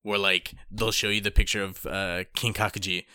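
A man co-hosting a casual podcast, joking and tossing in quick quips. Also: fairly low pitch, level tone, bright, forceful tone, clean tone, no echo, studio quality. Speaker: podcast co-host.

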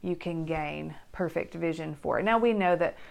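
A middle-aged American woman co-hosting a casual chat with her husband, gentle and reflective, with many hesitations. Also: sits low, normal speed, gravelly. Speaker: co-host, wife. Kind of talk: casual chat, poem reading.

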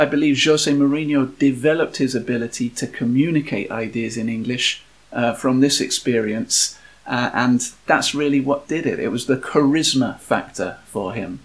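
A man co-hosting a casual talk, explaining words and ideas in a measured, steady way. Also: medium pitch. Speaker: co-host. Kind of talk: casual chat.

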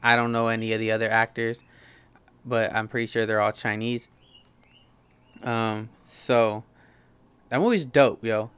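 A young man casually reviewing movies in a slangy, animated way, swearing freely. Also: on the low side, measured pace, long pauses, clear, resonant tone. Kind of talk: casual profane chat.

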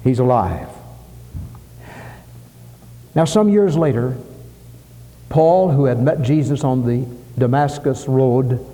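A man's voice: mid-range voice, unhurried, warm tone, big-room sound. A man preaching a sermon at a church service, emphatic, repeating phrases for stress. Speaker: pastor.

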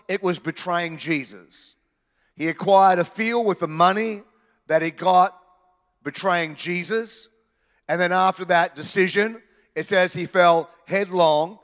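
A man preaching a sermon in church, animated and joking with the congregation. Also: high-pitched, in a large hall. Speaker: pastor. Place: church hall.

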